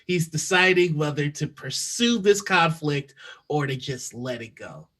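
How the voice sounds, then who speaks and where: A man's voice: a little high, animated, measured pace, a bit bright. A man running a tabletop game as game master, narrating loosely and swearing often. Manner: laughing, loose, profane.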